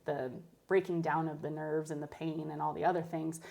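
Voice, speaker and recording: A woman's voice: low-pitched, little pitch movement, normal speed, gravelly, darkish tone. A woman in her thirties, a nurse and podcast guest, telling candid stories from intensive care in a casual chat. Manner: candid storytelling, emotional at times.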